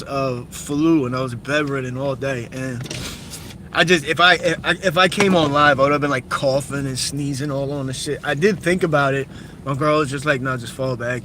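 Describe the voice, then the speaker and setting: A man's voice: a little high, sharp tone. A young man live streaming while driving city streets, talking bluntly and cursing often. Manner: profane, blunt, opinionated rambling. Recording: noisy car interior with traffic. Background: car and street noise.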